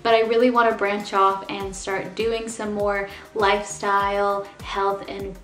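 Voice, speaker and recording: A woman's voice: medium pitch, level tone, a little slow, a bit bright, roomy sound, faint music behind. A young woman with a slight lisp, chatting upbeat to her viewers in a sponsored product review. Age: young adult. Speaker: beauty vlogger.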